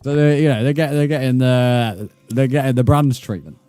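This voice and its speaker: A man with a British accent, giving profane, excitable live commentary while streaming a game. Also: medium pitch, normal speed, clean tone, no echo, faint music behind. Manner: profane, excitable, mock-outraged. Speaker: gaming streamer.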